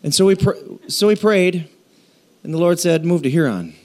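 A man preaching a sermon, telling stories and acting out quoted voices, with halting restarts between phrases. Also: high-pitched. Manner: storytelling with animated quoted voices. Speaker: pastor.

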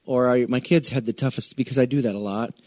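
A man's voice: medium pitch, steady tone, quick pace, a little mellow, no room sound, clean studio sound. A middle-aged man from the United States preaching a conversational sermon, with joking asides, restarted sentences and key words drawn out for stress. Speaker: pastor.

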